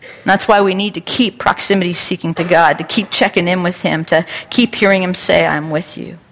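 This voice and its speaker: A woman's voice: fairly low pitch, steady tone, fairly quick, a bit bright, long reverb tail, a little hiss or hum. A woman pastor preaching a sermon with an earnest, repetitive cadence.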